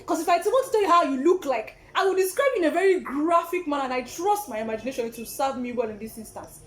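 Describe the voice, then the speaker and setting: A young Nigerian woman chatting on a podcast, with a fairly high voice. She tells stories with lots of animation, acting out the voices of the people in them. She laughs often along the way. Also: quick pace, echoey room. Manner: animated storyteller, acts out quotes, laughs often. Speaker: podcast co-host. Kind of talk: casual chat.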